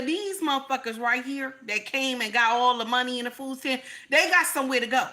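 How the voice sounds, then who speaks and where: This is a woman from the United States hosting a live stream, and she's high-pitched, animated and fairly quick, with a sharp edge to her tone. She rants to her audience, swearing, hammering her points and repeating them.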